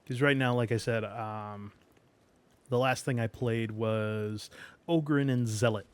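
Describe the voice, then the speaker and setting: A man streaming a game, chatting casually while he plays, rambling along with fillers and soft laughs. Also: mid-range voice, fairly even intonation, unhurried, smooth. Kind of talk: casual gameplay commentary.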